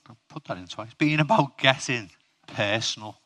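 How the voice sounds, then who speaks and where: A man's voice: medium pitch, moderate pace, a bit bright. A man preaching a humorous sermon, chatting with his audience and asking them questions.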